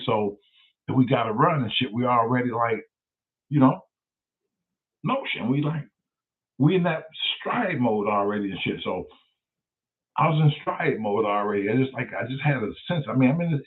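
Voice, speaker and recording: A man hosting his own show, telling stories in a profane, animated way. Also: mid-range voice, normal speed. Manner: profane, animated, loud storyteller. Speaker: show host. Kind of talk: casual livestream storytelling. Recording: tinny phone-like sound.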